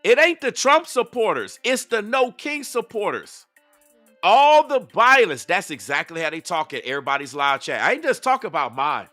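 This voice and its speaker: A man with a high, lively voice delivers heated commentary, slangy and confrontational. He keeps circling back to the same points with rhetorical questions, sounding bright and dry against faint music. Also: moderate pace, no room sound. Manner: loose slangy talk aimed at the audience. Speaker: commentator reacting to video clips.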